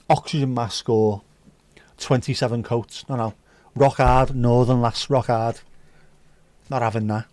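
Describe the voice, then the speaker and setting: Male stream host, mid-pitched, cheeky banter, dry close-mic sound. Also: darkish tone, dry recording. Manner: cheeky, banter-heavy, swears freely. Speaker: livestream host serving virtual drinks. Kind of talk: casual chat.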